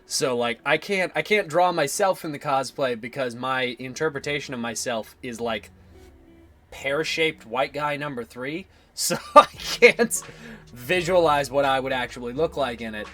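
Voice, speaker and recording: A man's voice: mid-range voice, unhurried, a bit bright, faint music behind. Laughing, rambling young man streaming. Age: 20s. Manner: laughs often, swears casually, rambling. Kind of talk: casual stream chat.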